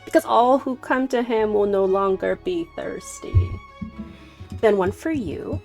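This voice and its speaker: Chatty woman streamer with gravelly voice. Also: mid-range voice, a little slow, faint music behind. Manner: chatty, greets viewers warmly by name, laughs often. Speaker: streamer doing card readings. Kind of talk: casual live-stream chat.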